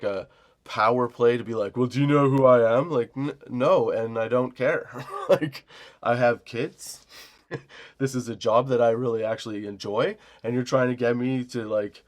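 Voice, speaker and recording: A man in his forties rants his way through a story in a casual, profane voice, breaking into laughter again and again. He drops into quick imitations of the people he describes. His pitch sits right in the ordinary middle for a man. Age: 40s. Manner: profane, laughing often, mimics customers. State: high. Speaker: comedy podcast host.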